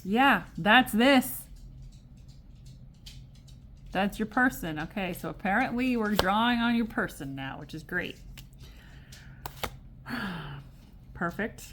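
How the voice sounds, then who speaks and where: A woman's voice: mid-range voice, expressive, takes it slowly, pauses often, fairly bright tone, slight background noise. A woman giving a casual tarot reading to camera, chatty and digressive, exasperated yet amused. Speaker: tarot reader.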